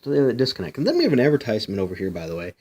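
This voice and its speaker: A man's voice: medium pitch, huge pitch swings, racing, a little mellow. A man casually reviewing a comic book, rambling a little and asking viewers questions. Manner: chatty, rambling, frequent "you know"; asks viewers questions directly.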